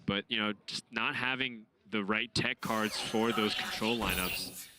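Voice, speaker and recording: Low-voiced male game caster. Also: steady tone, unhurried, very noisy. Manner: analytical, joking asides. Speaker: esports caster. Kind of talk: play-by-play commentary. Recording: music bed under commentary.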